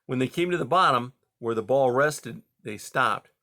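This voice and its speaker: A man narrating a children's novel in a steady, measured reading style. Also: mid-range voice. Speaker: audiobook reader. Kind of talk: storybook narration.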